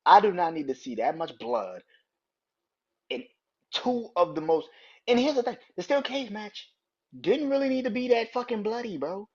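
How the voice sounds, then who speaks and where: A man in his thirties rants on his podcast, his voice husky and a little high for a man. He swears freely and his pitch swings widely as he gets worked up. The recording sounds dull and lo-fi. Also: moderate pace, pauses often. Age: 30s. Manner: profane, heated, animated ranting. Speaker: podcast host. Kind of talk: casual wrestling rant.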